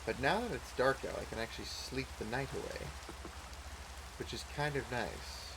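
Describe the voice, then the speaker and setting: Guy chatting loosely over his game, mid pitch, thinking out loud, faint rain in the bg. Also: normal speed, background noise. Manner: rambling, relaxed, thinking aloud. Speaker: let's play host. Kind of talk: casual gameplay commentary.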